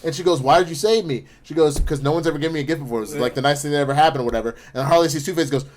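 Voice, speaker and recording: A man's voice: a little high, rapid-fire, darkish tone. A man co-hosting a casual, profane review chat, rambling as he retells scenes and acts out the lines. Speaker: podcast co-host reviewing an animated episode.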